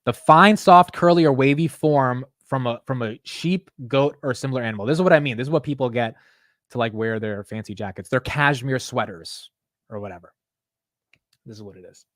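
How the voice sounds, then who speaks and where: A man's voice: medium pitch, brisk, no echo, clean studio sound. A young man hosting a casual stock market livestream, chatting loosely, swearing and laughing at himself while reading chat aloud.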